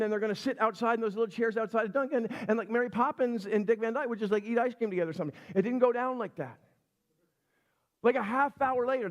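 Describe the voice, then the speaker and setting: A middle-aged man preaching a sermon as a pastor, telling stories in a chatty, animated way and acting out the people in them. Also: extremely high pitch, lo-fi sound. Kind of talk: sermon storytelling. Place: church sanctuary.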